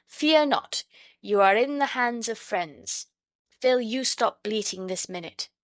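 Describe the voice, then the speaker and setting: A woman's voice: a little high, animated, takes it slowly, no room sound, pitched above the performer's own voice. A woman voicing a brave, bossy eldest brother in a storybook reading. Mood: firm. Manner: firm, boyish confidence.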